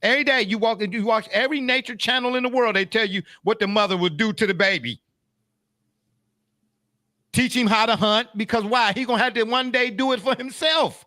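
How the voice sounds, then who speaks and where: A man hosting a casual sports talk livestream, joking and folksy, drawing out words and swinging his pitch widely. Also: brisk, bright, forceful tone, dry recording, studio quality. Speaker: show host.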